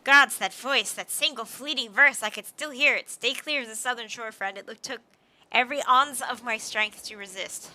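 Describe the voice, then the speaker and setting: A jumpy game scavenger rambles about wrecks and loot in an excited rush, voiced by a woman. The tone is high and piercingly bright. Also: moderate pace. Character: jittery wreck scavenger, easily spooked.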